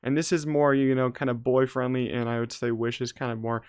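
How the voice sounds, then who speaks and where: Chatty man with a smooth voice. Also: medium pitch, level tone, brisk, a little mellow. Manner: chatty, leans on "you know" and "like". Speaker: movie reviewer. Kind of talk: casual review vlog.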